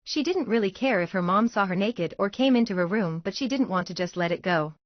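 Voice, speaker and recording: Woman, story narration, steady read, dry sound, muffled quality. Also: medium pitch, fairly quick, no room sound. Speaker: fan-fiction narrator. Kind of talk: audiobook-style story narration.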